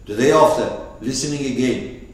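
A man teaching through an animated story, asking his listeners questions, in an echoey room from a distance. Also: medium pitch, normal speed. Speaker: teacher of a spiritual lesson. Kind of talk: storytelling lesson. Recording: echoey room, far from mic.

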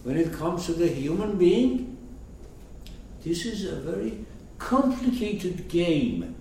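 A man's voice: sits high, big pitch swings, slow, vocal fry, mellow, slight background noise. A man teaching, who explains a story to his listeners and keeps checking in with rhetorical questions. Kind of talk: lecture commentary. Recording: echoey room, mic far off.

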